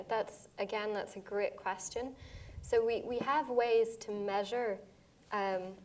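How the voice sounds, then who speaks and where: Woman scientist, voice going a bit hoarse, walking the audience through answers after her talk. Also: mid-range voice, a little mellow. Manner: explains step by step, with quick asides. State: losing her voice. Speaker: scientist giving a public lecture.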